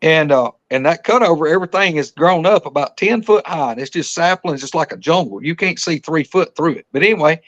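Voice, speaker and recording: A man's voice: on the high side, expressive, brisk, few pauses, lo-fi sound. A man telling a hunting story as a podcast guest, folksy and rambling, often restarting his sentences. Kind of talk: casual storytelling.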